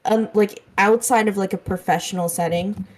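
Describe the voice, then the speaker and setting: A young woman co-hosts a casual podcast. Her voice is mid-pitched and ordinary, and she wanders through her stories in a laid-back way, with easy laughs along the way. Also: normal speed. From Canada. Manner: relaxed, rambling, laughs along. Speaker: podcast co-host. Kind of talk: casual chat.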